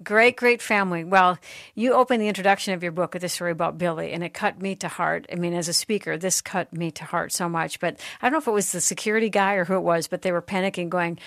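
A woman's voice: lowish voice, fairly even intonation, brisk, a bit bright, no room sound. A woman hosting a faith radio talk show, speaking with emphatic, reflective conviction at a studio mic.

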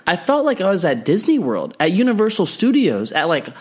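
Thirties male co-host, casual and animated, with a bouncy, expressive delivery. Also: sits high, a little fast, breathy edge. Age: 30s. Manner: playful, opinionated, animated. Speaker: podcast co-host. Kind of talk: casual chat.

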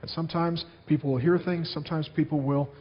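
A man's voice: a little high, steady tone, fast, long reverb tail, lo-fi sound. A man preaching a sermon as a pastor, telling stories to his congregation in an earnest way.

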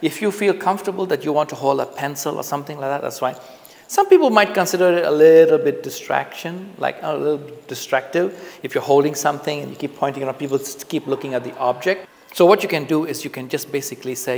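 A man speaking straight to the camera as he teaches, relaxed and chatty, often going back over his phrases. His voice sits a bit high and has a gravelly edge. The room gives it a long, trailing reverb. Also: fast talker. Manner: relaxed, conversational, repeats phrases for emphasis. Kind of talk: casual on-camera lesson. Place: indoors, filming himself on camera. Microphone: camera mic, speaking to camera.

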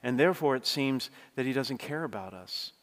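A man preaching a sermon as pastor, earnest, moving between hushed passages and forceful climaxes. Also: medium pitch, lively intonation, moderate pace. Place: church. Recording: church hall reverb.

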